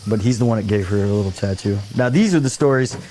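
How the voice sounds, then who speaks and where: A man with a lowish voice tells a rambling anecdote on a casual talk show. He jumps into quoted voices and laughs along the way. A faint hiss of noise sits under the recording. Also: fast talker. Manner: animated anecdote-telling, acts out quoted voices, laughs often. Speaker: show host. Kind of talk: casual storytelling chat.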